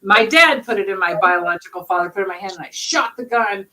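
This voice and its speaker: A woman's voice: mid-range voice, expressive, quick pace, sharp tone, slight background noise, rough recording. A woman from Texas, hosting a quiz in brash, profane, casual banter. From Texas, USA. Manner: brash, swears freely, laughs often. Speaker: quiz host.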